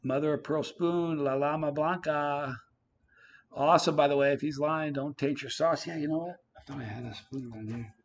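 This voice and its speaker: A man hosting a casual live stream, reading viewer comments aloud, his voice swinging from loud to quiet. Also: fairly high pitch, moderate pace, creaky, slight background noise. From Canada.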